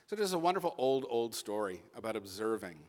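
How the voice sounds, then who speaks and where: A man serving as rabbi, speaking a sermon to a bar mitzvah boy in a conversational storytelling way with pauses for emphasis, in a synagogue sanctuary. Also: on the low side, big pitch swings. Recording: echoey sanctuary with long reverb.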